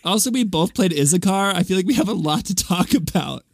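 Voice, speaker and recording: A young man with a fairly high voice chats playfully on a podcast, tossing off quick asides. The sound is dry and close, with no room around him. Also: lively intonation, creaky, no echo. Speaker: podcast co-host. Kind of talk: casual chat.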